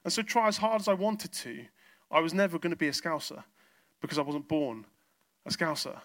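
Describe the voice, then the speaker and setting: Male pastor, bright tone, storytelling sermon. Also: a little high, lively intonation, a little fast. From south coast of England. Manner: storytelling, acts out exchanges in quoted voices. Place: church.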